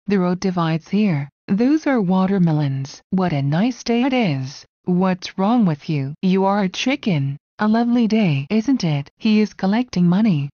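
A woman reading short English phrases aloud one at a time, in an even, deliberate way. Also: mid-range voice, dry recording, muffled recording.

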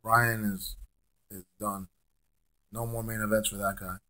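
Hoarse young man ranting. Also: on the low side, level tone, measured pace, pushed and bright. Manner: stammering, repeats words, profane and blunt. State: hoarse, lost his voice. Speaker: wrestling fan vlogger. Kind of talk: casual ranting monologue.

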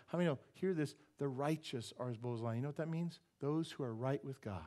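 A male pastor preaching a sermon in church, animated, firing rhetorical questions at the congregation and dropping joking asides. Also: medium pitch, quick pace, hardly any pauses. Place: church sanctuary.

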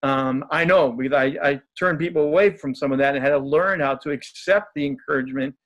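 A man's voice: mid-range voice, a little fast, fairly bright tone, dull audio. A man who is a guest speaker, telling stories in a casual, upbeat and joking way. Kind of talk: casual storytelling in conversation.

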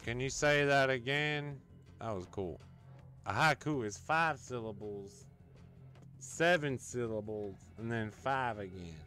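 A male streamer talks in an unhurried, drawn-out way, playfully teasing and goading a chatbot while he chats to his viewers. Faint music plays under his voice throughout. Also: medium pitch, bright, forceful tone. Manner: playful, goofing around with a chatbot. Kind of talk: casual live-stream chat.

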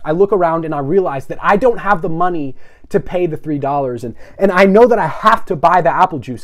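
Young guy preaching on a livestream, high voice, super excited, keeps telling ppl to repeat after him. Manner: energetic, asks viewers to repeat phrases. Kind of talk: live-streamed sermon.

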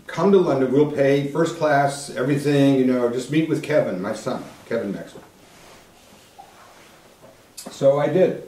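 A man's voice: medium pitch, a little mellow. An older man giving a keynote talk in a conversational storytelling manner, acting out the dialogue he quotes. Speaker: keynote speaker. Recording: echoey room, voice from some distance.

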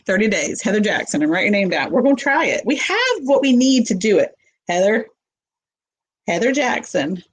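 Lady chatting on a livestream, kinda husky, lots of ums, middle pitch. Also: low-quality recording. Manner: chatty, rambling, many fillers. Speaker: livestream host. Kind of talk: casual live Q&A chat.

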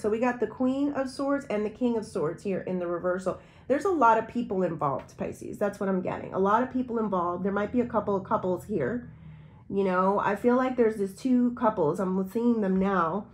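A woman giving a tarot reading, talking straight to the viewer in a rambling, intuitive way. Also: mid-range voice. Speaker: tarot reader.

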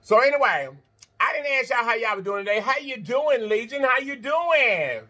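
Lively high-voiced man chatting while eating. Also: moderate pace. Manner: animated, talks straight to viewers, laughs and chants; talks while eating and blowing on hot food. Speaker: mukbang host. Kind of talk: eating-show vlog chat.

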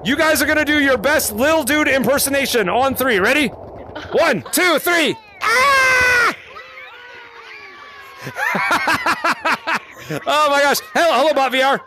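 A man creating gaming videos, chatting excitedly in a virtual reality game lobby through a headset mic, rapidly greeting fans and shouting over them. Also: very high-pitched, noisy background. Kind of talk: excited live gameplay chat.

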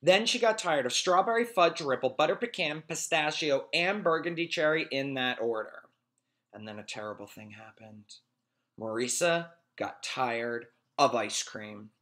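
A man reading a children's storybook aloud in a friendly, expressive, animated way. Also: mid-range voice, normal speed. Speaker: reader.

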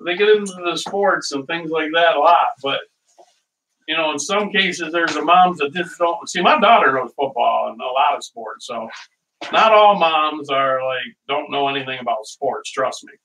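A man's voice: fairly high pitch, moderate pace, bright, forceful tone. A middle-aged man hosting a cooking show from his kitchen, chatting casually and telling rambling stories with frequent laughs. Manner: rambling storyteller, laughs often. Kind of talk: casual chat while cooking. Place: home kitchen. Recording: voice heard from a distance.

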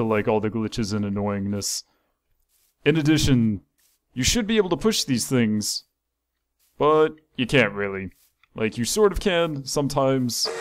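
A man hosting a casual let's-play, talking in an exasperated, scolding way while rambling about his game. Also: medium pitch. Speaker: gaming channel host.

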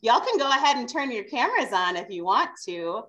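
A woman's voice: fairly high pitch, very animated, a little fast, sharp tone, lo-fi sound. A woman teacher introducing her students at a virtual meeting, friendly and encouraging.

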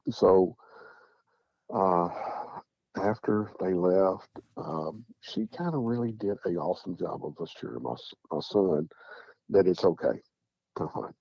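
A man's voice: low-pitched, very animated, unhurried, gravelly, mellow, breathy edge, dry recording. A middle-aged man from Tennessee with a Southern accent, casually recounting a story and repeating "I said" and "he said" as he rambles on. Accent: Southern American. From Tennessee, USA. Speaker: guest recounting encounters. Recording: dull, dry lo-fi audio.

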